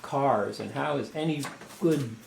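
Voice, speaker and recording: A man's voice: medium pitch, measured pace, creaky, a little mellow, roomy sound, a little hiss or hum. A man co-hosting a casual live music stream, bantering in a bemused, rambling way. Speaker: co-host and musician.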